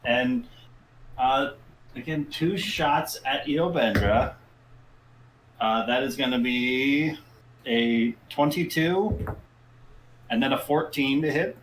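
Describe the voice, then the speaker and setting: A man's voice: mid-range voice, slow, long pauses, roomy sound, slight background noise, rough recording. A man narrating a tabletop game as game master, describing the action dramatically.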